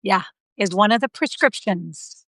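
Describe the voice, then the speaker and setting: A woman's voice: medium pitch, expressive, a little slow, fairly bright tone, dry recording. A woman hosting a live video chat, encouraging her guest with short affirmations. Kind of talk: casual chat.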